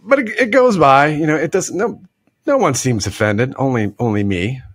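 A man's voice: medium pitch, expressive, moderate pace, breathy edge, dry recording. A middle-aged man casually telling a story on a podcast, laughing often and acting out the other people in it with a put-on drawl.

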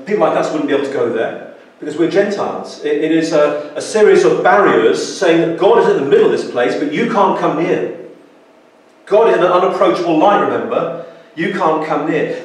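A man preaching a sermon in a church, earnest, with frequent restarts and sudden emphatic exclamations. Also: on the high side. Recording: echoey church hall, distant mic.

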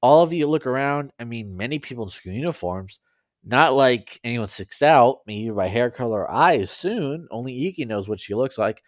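A man's voice: medium pitch, animated, normal speed, no room sound, clean studio sound. Man casually reading a story aloud. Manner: casual, stumbling, laughing asides. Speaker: story reader. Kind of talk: reading interactive fan fiction aloud.

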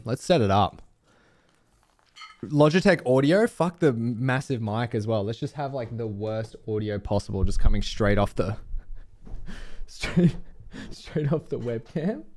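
A man chatting to his viewers during a live game stream, animated and swearing freely. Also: medium pitch. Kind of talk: live gameplay stream chat.

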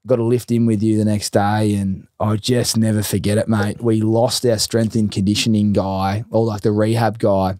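An Australian man hosting a podcast, telling stories in a lively, profane, casual way. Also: on the low side, moderate pace, hardly any pauses, no echo, studio quality. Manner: animated, profane storytelling. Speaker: podcast host. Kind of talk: casual interview chat.

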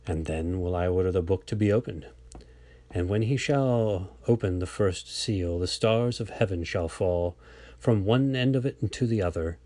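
Low-pitched guy reading scripture aloud, slow and solemn, trips on a word here and there, dry recording. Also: dark tone, no room sound. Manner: slow, measured, with small stumbles. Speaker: reader.

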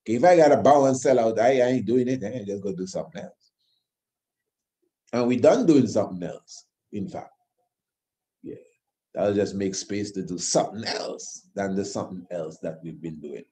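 A man's voice: on the low side, normal speed, warm tone. A man delivering an impassioned monologue, emphatic and repetitive, firing rhetorical questions. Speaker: host of his own channel.

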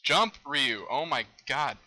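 A young man commenting on a game he is playing, excitable, exclaiming and laughing at what happens on screen. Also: medium pitch, slow pace, poor audio. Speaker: gamer. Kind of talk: let's play commentary.

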